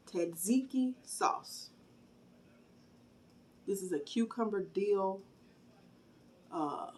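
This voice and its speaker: A woman hosting a mukbang video, chatting casually and straight to her viewers between bites, pausing to chew and hum approvingly. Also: mid-range voice, husky. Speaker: mukbang host. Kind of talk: casual chat while eating on camera.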